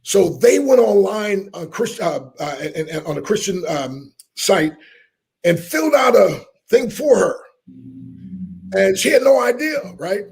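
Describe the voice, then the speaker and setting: A middle-aged man, a motivational speaker telling a lively story in an interview and acting out the people in it. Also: high-pitched, a little slow, gravelly, breathy edge. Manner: animated storyteller, acts out quoted voices, laughs often.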